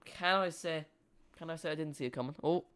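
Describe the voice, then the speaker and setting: Streamer, male, casual match chat that loops back on itself; smooth, clean voice, dry close mic. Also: on the high side, brisk, a bit bright, no echo. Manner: casual, rambling, repeats and corrects himself. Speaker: watch-along streamer. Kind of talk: live football watch-along commentary.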